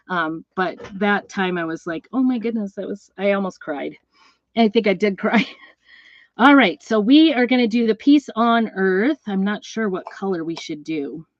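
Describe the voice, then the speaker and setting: A woman's voice: mid-range voice, no room sound, highs cut off. Chatty middle-aged woman crafting. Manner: rambling, storytelling, talks while working with her hands. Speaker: craft seller and host. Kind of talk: chatty live craft demonstration.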